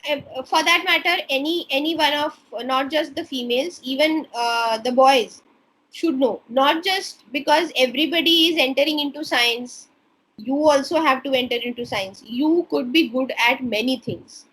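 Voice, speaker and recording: An Indian woman in her thirties, a stem cell researcher, talking earnestly in an interview with many pauses and fillers. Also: high voice, a bit bright, low-quality recording. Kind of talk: casual interview talk.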